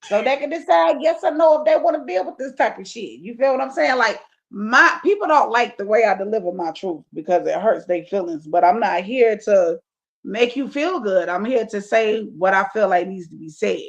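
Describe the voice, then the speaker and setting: Gravelly lady comic, cussing a lot, blunt and loud about it, on a podcast mic. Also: medium pitch, animated, normal speed, dull audio. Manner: profane, emphatic, keeps asking "you feel me". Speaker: guest comedian. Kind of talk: casual podcast chat.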